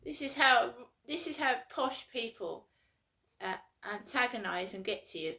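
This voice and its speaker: A woman's voice: a little high, expressive, a little slow, creaky, pushed and bright. A woman from London, ranting in an aggrieved, repetitive vlog monologue. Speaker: vlogger. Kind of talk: casual to-camera monologue.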